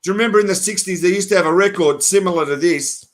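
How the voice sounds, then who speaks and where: Brief: male host, high voice, eager casual interviewer. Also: rapid-fire.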